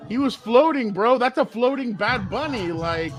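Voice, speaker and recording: A chatty man with a high voice co-hosts a podcast, trading casual talk as an animated storyteller who acts out the quotes. He speaks at a normal pace, and there's a little background noise.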